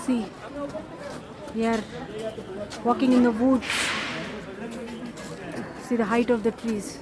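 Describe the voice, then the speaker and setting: A woman's voice: on the high side, level tone, slow. A woman hosting a walking tour vlog outdoors, chatting to her viewers as friends. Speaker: vlog host. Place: outdoor zoo among visitors. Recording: crowd of visitors behind.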